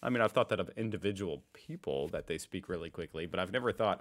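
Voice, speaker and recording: Young American guy, low-pitched, relaxed reaction host, laughs a lot. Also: quick pace. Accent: General American. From United States. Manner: relaxed, musing, self-deprecating, laughs often. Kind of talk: casual reaction commentary.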